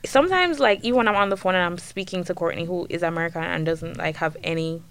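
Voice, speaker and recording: A woman's voice: fairly low pitch, quick pace, gravelly, fairly bright tone, smooth. A young woman from Jamaica with a Jamaican accent, a student chatting casually and emphatically. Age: young adult. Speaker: student panelist. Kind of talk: casual chat.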